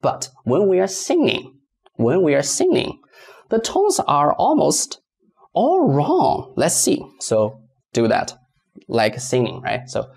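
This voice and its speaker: Gravelly, lively male teacher. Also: on the high side, takes it slowly. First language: Mandarin Chinese. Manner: asks rhetorical questions and gives examples. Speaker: language teacher. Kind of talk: explanatory online lesson.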